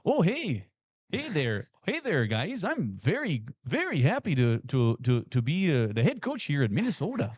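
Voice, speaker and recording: A man putting on a halting, folksy regional drawl to mock a college football coach. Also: a little high, wildly swooping pitch, darkish tone, husky, no room sound, heavily acted.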